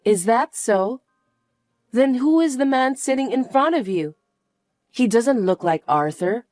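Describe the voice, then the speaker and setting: A woman's voice: on the high side, animated, measured pace, a little mellow, dry recording, clean studio sound, faint music behind. A woman voicing an elderly mother-in-law who needs care, speaking plaintively in a narrated family drama. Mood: accusing. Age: older. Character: elderly mother-in-law needing care, meek, then suspicious.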